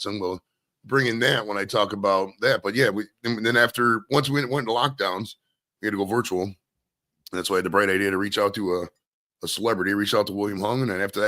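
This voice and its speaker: A Maine streamer and show host with a lowish, sharp-toned voice rambles through a casual solo chat. He's loose and conversational, swearing often.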